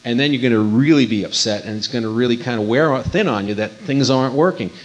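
The amateur radio contester is a fast talker with a mid-range voice, giving a folksy, conversational instructional talk and repeating his words often as he goes. The recording sounds dull and lo-fi.

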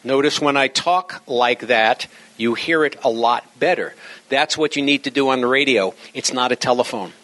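A man's voice: medium pitch, moderate pace. An older man giving a chatty, joking talk to an audience on radio operating. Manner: chatty, joking, animated teaching.

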